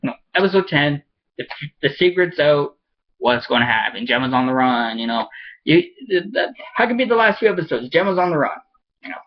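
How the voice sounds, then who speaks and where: A man's voice: on the high side, expressive. A man giving a casual spoken review of a TV episode as an enthusiastic fan who rambles, halts and restarts his sentences. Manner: rambling and halting, with many restarts; enthusiastic fan, laughs often. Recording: dull lo-fi recording.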